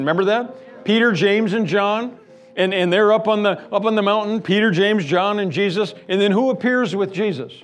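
A man's voice: high-pitched, normal speed. A man preaching a sermon as pastor, emphatic and fond of repeating words and building lists. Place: church sanctuary.

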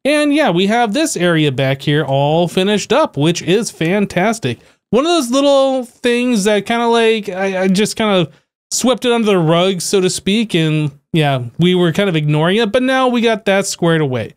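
High lively guy narrating his game build, chatty and upbeat. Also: moderate pace, smooth. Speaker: host. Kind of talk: gameplay voice-over.

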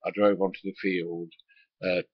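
Deep husky man telling a story. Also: level tone, moderate pace, dry recording. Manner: swears casually, many ums and asides. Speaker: former truck driver. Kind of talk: rambling spoken anecdote. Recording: dull lo-fi recording.

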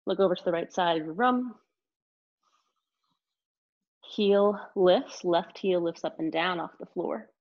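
A woman teaching a live online yoga class, giving calm step-by-step cues between sighs and exhales. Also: lowish voice, moderate pace, lo-fi sound. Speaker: yoga instructor.

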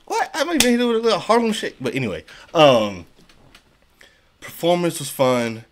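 Lively animated man reacting. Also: a little high, normal speed. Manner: animated, exclaiming, laughing along. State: a little out of breath. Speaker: reaction channel host. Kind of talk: casual reaction commentary.

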